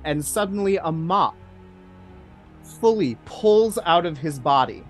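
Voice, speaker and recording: A man narrating a tabletop game as game master in a hushed, suspenseful way. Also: fairly high pitch, animated, slow, faint music behind.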